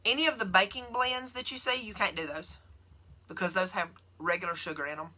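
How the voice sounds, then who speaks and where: Bright-voiced Southern woman chatting. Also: mid-range voice, steady tone, brisk. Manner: chatty, rambling, answers viewer comments. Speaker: keto nurse vlogger. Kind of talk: casual livestream Q&A.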